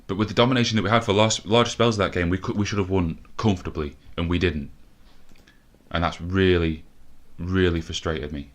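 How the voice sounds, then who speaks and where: A man's voice: sits low, fairly even intonation, a little fast. A man commentating his own football management game, frustrated, swearing and thinking aloud. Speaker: gaming video host. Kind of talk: let's play commentary.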